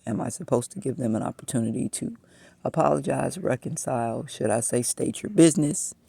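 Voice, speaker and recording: A man's voice: mid-range voice, fairly quick, gravelly, mellow, slightly rough, no echo. A man in his fifties talking to the camera in a personal monologue, venting his frustration as he tells a story. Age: 50s.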